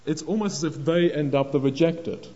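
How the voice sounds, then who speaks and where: An older man preaching a sermon on scripture, halting and repeating words, acting out the voices of people in the story. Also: on the high side, dark tone. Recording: dull lo-fi recording.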